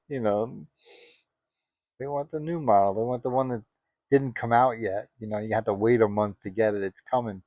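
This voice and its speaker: Man, indignant, rambling, casual commentary, low pitch, dry close sound. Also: moderate pace, pauses often, no room sound. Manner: rambling, indignant, peppered with "you know". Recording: dry, dull lo-fi audio.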